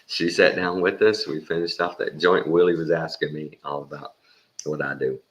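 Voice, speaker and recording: A man's voice: rumbling low, steady tone, moderate pace, fairly bright tone, muffled recording. A man telling a rambling, folksy anecdote in a casual way, sprinkled with mild swearing. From Texas. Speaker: storyteller.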